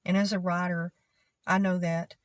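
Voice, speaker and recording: A woman with a lower Panhandle West Texas accent who speaks slowly, drawing her words out with a twang, giving a casual explainer to camera. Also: level tone, no echo, studio quality. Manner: slow drawl, draws her words out with a twang. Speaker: vlogger.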